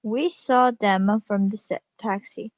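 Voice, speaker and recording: A woman whose first language is Korean reads a children's storybook aloud, slowly and carefully, with small restarts. Her voice is mid-pitched. The recording is dull and lo-fi, with a very dry, close sound. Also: dry recording. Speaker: reader.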